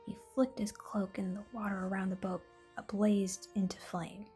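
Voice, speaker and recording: A mother reads a bedtime story aloud at home in an expressive, playful voice of middling pitch. Faint music plays underneath throughout. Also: moderate pace, breathy edge. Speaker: parent reading to her child.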